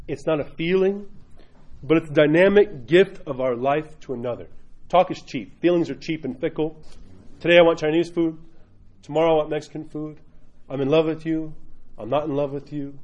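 Husky priest guy, kinda high voice, blunt jokey sermon, dull lo-fi sound. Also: darkish tone. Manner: blunt, joking, emphatic. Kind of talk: informal sermon talk.

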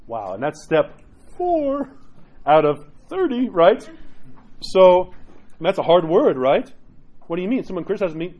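A man who is a priest, preaching in a conversational, animated way, with many rhetorical "right?" asides and quoted inner voices acted out. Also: normal speed, highs cut off. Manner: acts out quoted inner voices with sudden jumps in pitch. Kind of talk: sermon.

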